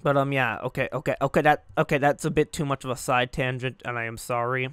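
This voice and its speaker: Young man, grieving, rambling with fillers, flat delivery, very clear dry voice. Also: medium pitch, fast, no room sound. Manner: rambling, hesitant, many fillers. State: grieving, subdued. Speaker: gaming channel host. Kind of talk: casual reflective monologue.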